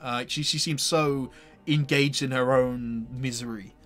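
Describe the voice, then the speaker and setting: A man's voice: medium pitch, steady tone, unhurried, a bit bright, faint music behind. A man narrating as game master of a tabletop game, with hesitant phrasing and lots of fillers. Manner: hesitant, full of fillers like "sort of".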